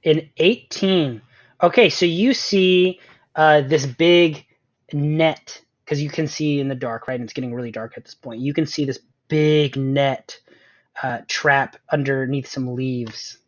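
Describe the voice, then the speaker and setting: Guy running a tabletop game, chill and full of ums, kinda high voice, dull lo-fi audio. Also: unhurried. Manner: casual, filler-heavy. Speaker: game master. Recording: dull lo-fi sound.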